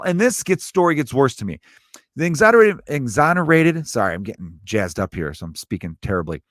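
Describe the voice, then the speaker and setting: Chicago guy ranting on his podcast, swears a lot, loud then quiet, dry mic. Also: no room sound. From Chicago, USA. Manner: animated, profane, swings from loud to low. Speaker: stand-up comedian and podcaster. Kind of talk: comedic rant.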